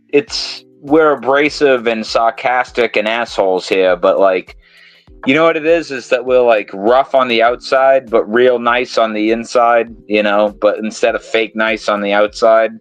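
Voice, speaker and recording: A man's voice: mid-range voice, measured pace, dry recording, soft background music. A man from New England with a New England accent, hosting a podcast in casual, rambling, profane chat. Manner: rambling, profane, laughs often. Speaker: podcast host.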